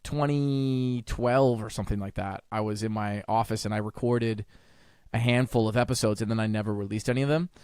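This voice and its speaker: A man chatting as a guest in an interview, enthusiastic, talking in quick bursts and jumping up in pitch on the words he stresses. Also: a little mellow, clear, resonant tone, no echo, clean studio sound. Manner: enthusiastic, jumps up in pitch on emphasis; talks in quick bursts with restarts. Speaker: podcast guest, jazz trumpeter and educator. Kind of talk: casual interview conversation.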